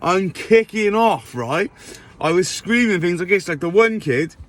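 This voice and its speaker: A man's voice: sits high, expressive, unhurried, soft background music. A man telling a rambling storytime monologue, often checking in with his listener. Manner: rambling, checks in with "right?" tags.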